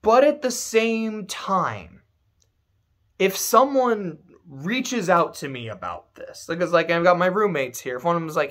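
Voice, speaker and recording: A man's voice: sits high, lively intonation, a little slow, a bit bright. A man giving casual game commentary to camera, emphatic and ranting, swearing freely. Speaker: video creator.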